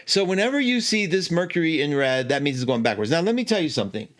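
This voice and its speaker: Chatty, animated male astrology host. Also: a little high, quick pace. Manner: chatty, animated, self-correcting with laughs. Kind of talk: casual teaching talk.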